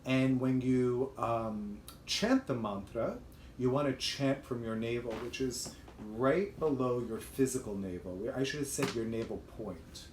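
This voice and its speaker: A man's voice: mid-range voice, measured pace, a little mellow, echoey room, slight background noise. Chatty man teaching a chant. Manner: chatty explaining with fillers. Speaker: host and chant leader. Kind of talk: livestream teaching.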